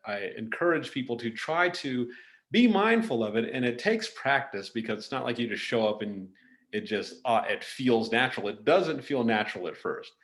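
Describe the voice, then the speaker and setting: A man's voice: mid-range voice, animated, normal speed, a bit bright. A man hosting a podcast who talks in a loose, casual way and often circles back to restart his sentences. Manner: loose and rambling, with many restarts. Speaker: podcast host. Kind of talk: casual conversational chat.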